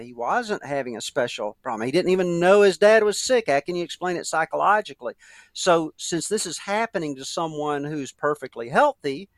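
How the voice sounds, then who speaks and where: A man's voice: a little high, no room sound. Earnest man explaining, dry sound. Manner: earnest, explaining with many fillers. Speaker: guest author. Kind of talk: conversational interview.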